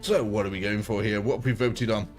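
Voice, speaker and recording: A man's voice: on the low side, fairly even intonation, quick pace, soft background music. A man hosting a live gameplay stream, chatting casually with viewers and laughing often. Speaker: livestream game host.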